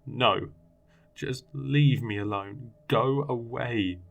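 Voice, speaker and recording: A man's voice: on the low side, a little fast, slightly rough. A man voicing a frightened seven-year-old boy who pleads and cries out in panic. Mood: screaming.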